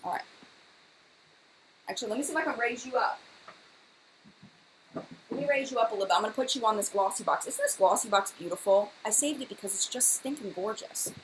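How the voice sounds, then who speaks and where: A woman hosting a makeup livestream at home, talking quickly and chattily as she reads out viewer comments. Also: fairly high pitch, slight background noise, rough recording. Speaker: beauty channel host. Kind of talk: live-stream chat about makeup. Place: home room by her dresser.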